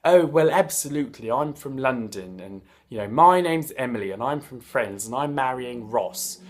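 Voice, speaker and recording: A man's voice: mid-range voice, lively intonation, moderate pace, natural voice. A man putting on the voice of a prim, chirpy young woman in a lilting, prim way.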